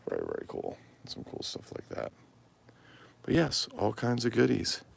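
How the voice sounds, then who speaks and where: Man, very low voice, gravelly, tired, profane, rambling livestream chat. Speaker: toy collector livestream host.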